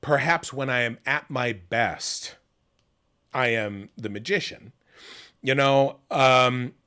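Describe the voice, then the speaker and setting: A middle-aged man hosting a casual livestream interview, rambling with many fillers and restarts and telling stories with animated voices. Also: mid-range voice. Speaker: host.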